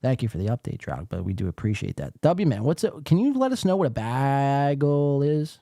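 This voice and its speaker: Sarcastic, animated male podcast host. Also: mid-range voice, a little fast, no room sound, studio quality. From US East Coast. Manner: sarcastic, profane, reads chat aloud. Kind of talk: casual commentary on a livestream.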